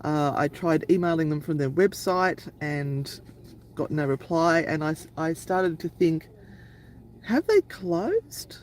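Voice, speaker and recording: A woman's voice: low-pitched, fairly even intonation, unhurried, darkish tone, poor audio. Lady chatting away on a live stream, rambling story with lots of ums, faint hiss behind. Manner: chatty, rambling anecdote telling with filler words. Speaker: paranormal channel co-host.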